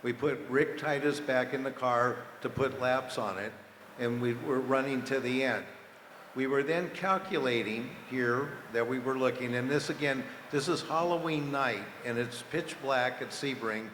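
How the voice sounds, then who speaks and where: An older man, a team founder and former driver, recounting racing history at a dinner panel in a relaxed, measured way with frequent ums. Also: medium pitch. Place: banquet hall during a dinner. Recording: echoey banquet hall over a PA, faint noise.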